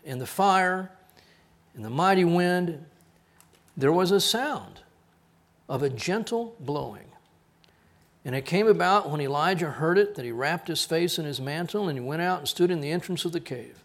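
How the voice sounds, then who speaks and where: Animated, folksy middle-aged preacher man. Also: a little high. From Texas. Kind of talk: sermon.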